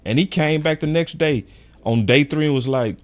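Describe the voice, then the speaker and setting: A young man hosting a sports show in casual, animated chat, full of slang and quick laughs. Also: a little high, soft background music. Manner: animated, slangy, laughs often, quotes fans in raised voice.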